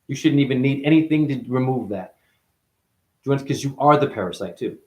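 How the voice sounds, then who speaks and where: A man's voice: medium pitch, fairly quick. Rambling man in a roomy echo. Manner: stream-of-consciousness wordplay, profane, calls listener honey; jumps from mutters to excited loud outbursts. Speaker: spiritual speaker. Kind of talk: rambling monologue.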